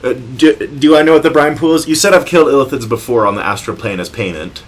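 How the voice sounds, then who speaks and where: A man taking part in a tabletop game, his voice at a middling pitch. He talks casually, hesitating and checking details as he goes. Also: fast talker. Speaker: player.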